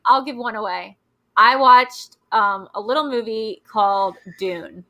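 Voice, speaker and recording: A woman's voice: on the high side, measured pace, muffled recording. A young woman hosting a casual chat, rambling with lots of fillers. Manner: chatty, rambling with many fillers. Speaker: host.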